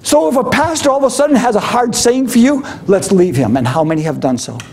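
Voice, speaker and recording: High-voiced animated male preacher. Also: fast. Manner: animated, swings from shouting to low intensity. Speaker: pastor. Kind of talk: sermon.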